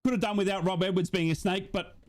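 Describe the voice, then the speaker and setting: A man's voice: high voice, fairly even intonation, fast. A young man doing a live fan watch-along of a football match, chatting and reading out donations. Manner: chatty, reads out donations, yells at goals.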